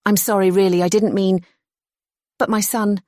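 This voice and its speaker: A reader voicing a frantic mother desperately searching for her missing son, pleading and shouting. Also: medium pitch, level tone, moderate pace, no room sound, clean studio sound, voice pushed up, lightly acted. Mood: apologetic.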